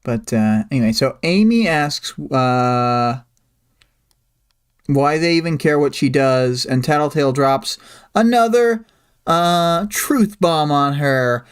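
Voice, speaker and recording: Smooth-voiced rambling stream host. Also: medium pitch, animated, slow. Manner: rambling, hesitant, summarizing. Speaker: livestream host. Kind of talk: casual chapter discussion.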